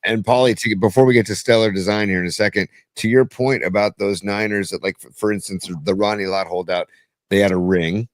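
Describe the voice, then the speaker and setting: A man with a somewhat low voice co-hosts a sports podcast. He sounds fed up and weary, stumbling and restarting as he makes his points. The recording is dry and close. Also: steady tone, no room sound. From San Francisco Bay Area. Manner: weary, frustrated, halting restarts. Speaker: podcast co-host. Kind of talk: casual sports talk.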